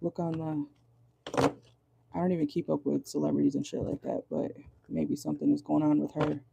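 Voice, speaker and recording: A woman giving a casual tarot reading, chatty and profane, with a voice going hoarse, constantly checking in with "okay?". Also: low-pitched, little pitch movement, fairly quick, background noise. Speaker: tarot reader.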